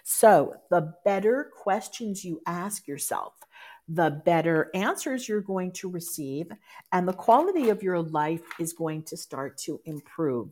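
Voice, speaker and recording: A woman's voice: fairly low pitch, animated, measured pace, darkish tone. A woman speaking as a life coach, giving an earnest, explanatory motivational talk and sometimes correcting herself mid-sentence.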